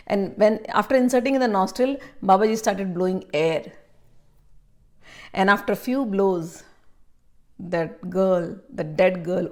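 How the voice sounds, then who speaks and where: A woman from India telling a spiritual story aloud, halting with fillers and restarts, then more animated in the dramatic parts. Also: mid-range voice. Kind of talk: spoken storytelling.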